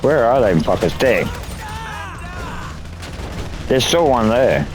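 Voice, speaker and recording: Australian male gamer, young, crude running commentary, swears a lot, mid-pitched. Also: sing-song, takes it slowly, soft background music. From Northern Territory, Australia. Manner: crude, swears freely, rambling asides. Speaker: gaming streamer. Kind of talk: casual gameplay commentary.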